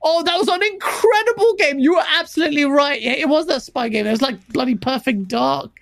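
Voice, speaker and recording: A man's voice: very high-pitched, fairly quick, vocal fry, a bit bright, no echo, clean studio sound. A man with a London accent co-hosting a live stream, talking enthusiastically, laughing often and repeating himself. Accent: London English. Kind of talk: casual live-stream chat.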